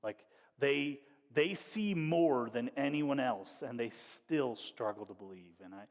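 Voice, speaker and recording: A male pastor preaching with a loose, conversational and wry delivery, dropping to hushed storytelling and then rising into animated bursts. His voice sits in an ordinary middle pitch and rings out with the long reverb of a church hall. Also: a little slow. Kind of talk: sermon.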